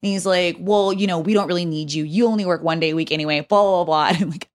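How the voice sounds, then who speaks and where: A young adult woman, a podcast guest, telling an animated, profane story full of fillers in casual chat. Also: on the low side, quick pace.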